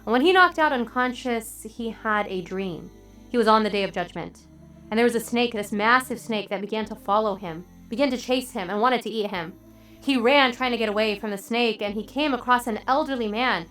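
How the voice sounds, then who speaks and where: A woman religious teacher telling a story in a sermon, earnest and measured, with dramatic pauses. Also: on the high side, fairly bright tone, soft background music.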